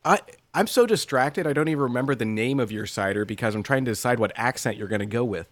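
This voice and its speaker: A middle-aged man co-hosting a casual podcast chat, wry and quick to laugh, swearing casually. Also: mid-range voice, no echo. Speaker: podcast co-host.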